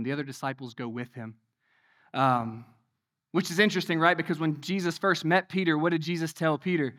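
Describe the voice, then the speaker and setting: A pastor with a slightly high voice delivers a conversational sermon, firing off rhetorical questions and shifting between loud emphasis and hushed passages.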